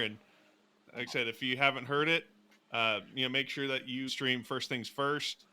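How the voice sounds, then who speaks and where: A man's voice: mid-range voice, fairly even intonation, normal speed, sharp tone, clean tone. A male podcast host wrapping up an interview in an upbeat, enthusiastic way. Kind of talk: casual interview.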